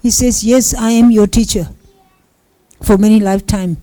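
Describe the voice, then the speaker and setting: A woman's voice: mid-range voice, steady tone, normal speed, warm tone, no room sound, low-quality recording. A woman giving a Buddhist teaching talk, telling personal stories in simple non-native English and acting out the quoted dialogue. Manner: storytelling with acted-out quoted dialogue.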